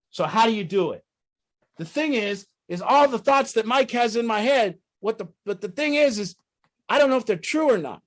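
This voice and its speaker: A high-voiced man leads a recovery group talk. He is blunt and profane, pushing his listeners with rhetorical questions and getting louder and higher when he is worked up. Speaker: group leader.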